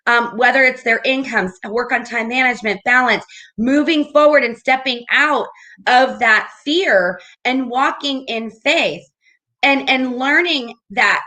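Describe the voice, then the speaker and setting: A woman with a bright, forceful voice pitched a little high hosts a casual chat. She sounds upbeat and encouraging and often checks in with her listener. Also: measured pace. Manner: upbeat, encouraging, keeps asking "right?". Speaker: host, business coach.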